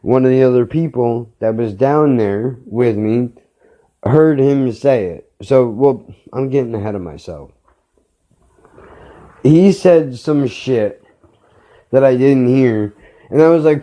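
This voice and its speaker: Slow, heated, foul-mouthed male podcaster. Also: mid-range voice, warm tone. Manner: blunt, heated and full of swearing. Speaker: podcast host. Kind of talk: profane storytelling rant.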